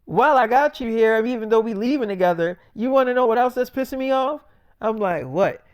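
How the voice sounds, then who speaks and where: A man with a high-pitched voice tells a rambling, profane story, quoting both himself and others as he goes. The sound is close and dry. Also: fairly quick, clean tone, no room sound, lo-fi sound. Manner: rambling, profane, quotes people back and forth. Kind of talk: casual spoken story, freestyle.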